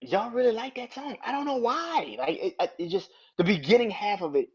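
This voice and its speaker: A man hosting a casual podcast, talking bluntly and profanely and breaking into loud, incredulous rants. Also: high-pitched, animated, fairly quick, husky, muffled recording. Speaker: podcast host.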